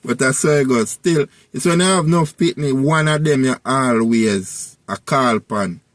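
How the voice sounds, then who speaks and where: A man's voice: medium pitch, measured pace, no room sound. A man with a Jamaican accent telling a personal story in a casual, rambling way and coming back again and again to the same tag phrases. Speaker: vlogger.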